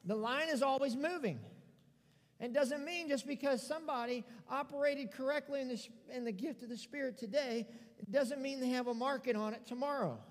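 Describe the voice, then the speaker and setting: A man's voice: extremely high pitch, brisk. A man preaching a sermon as pastor, calling on the congregation to respond and acting out scripture scenes in his own words. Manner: call-and-response preaching, dramatic paraphrase. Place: church sanctuary. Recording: long hall reverb.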